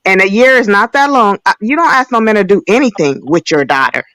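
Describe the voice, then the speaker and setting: A woman's voice: mid-range voice, expressive, a little fast, a bit bright, no room sound. A woman in a casual panel chat on a video call, agreeing and making points with emphasis.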